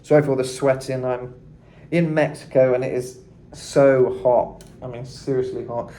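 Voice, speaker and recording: A man's voice: mid-range voice, steady tone, normal speed, mellow, a little hiss or hum. A man giving a casual singing tutorial, chatting loosely with lots of fillers and asides. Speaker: vocal coach. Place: hot room indoors.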